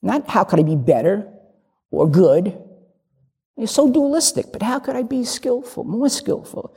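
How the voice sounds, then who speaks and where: An older woman gives a candid, funny dharma talk, her voice gravelly and husky with a mellow tone. The words carry a long reverb from a large meditation hall. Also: mid-range voice, measured pace. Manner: candid, humorous, acts out little dialogues. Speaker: lay Zen teacher.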